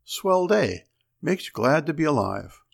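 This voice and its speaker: Bluff middle-aged husband, voiced by a male reader, blunt and gravelly, barking when crossed. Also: medium pitch, sing-song, normal speed, exaggerated voice. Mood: breezy. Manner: bluff, exasperated shouting. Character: easygoing husband turning angry, middle-aged.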